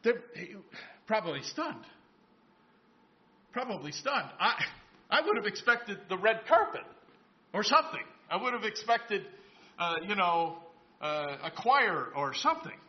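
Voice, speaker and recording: High-voiced man preaching a sermon. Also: very animated, normal speed, dull audio. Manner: storytelling, voices biblical characters in asides; conversational, asks the congregation questions. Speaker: pastor.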